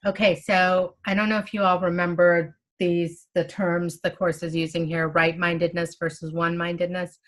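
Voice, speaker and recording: A woman's voice: fairly low pitch, moderate pace, few pauses. A woman explaining a spiritual text in a casual, conversational way, acting out inner thoughts as she goes. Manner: animated, conversational, acts out inner monologues. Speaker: spiritual study teacher.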